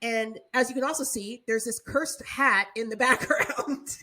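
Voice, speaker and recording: A young adult woman co-hosts a podcast, speaking unhurriedly in a slightly high voice. She tells stories in casual, animated chat, laughing often and acting out screams.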